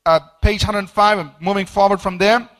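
High, bright-voiced male preacher. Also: moderate pace. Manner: animated, acts out quoted voices with rising emphasis; stumbling repeats and fillers. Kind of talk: sermon teaching from a study book.

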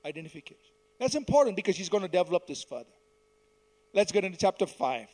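High-voiced man preaching a sermon. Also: big pitch swings, quick pace. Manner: teaching verse by verse, calling the congregation to repeat phrases; swells loud on key words, then drops to soft endings.

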